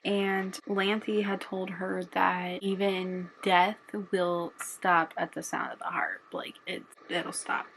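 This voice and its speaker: A woman's voice: fairly low pitch, fairly even intonation, takes it slowly, gravelly, hardly any pauses, a bit bright, slight background noise, poor audio. A woman giving an emotional, rambling casual recap of a novel, saying "like" a lot. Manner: rambling, fills with "like"; emotional, close to tears. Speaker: book reviewer.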